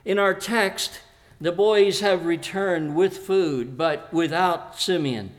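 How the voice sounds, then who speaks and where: High-voiced man preaching a sermon. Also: slow pace. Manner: earnest, addresses the congregation directly; storytelling retelling of a scripture passage.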